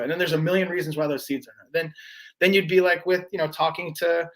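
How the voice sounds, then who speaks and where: A man's voice: fairly high pitch, fairly even intonation, fast talker, fairly bright tone. A man talking as a podcast guest, telling a long story in a casual, rambling way, full of fillers, restarts and swearing.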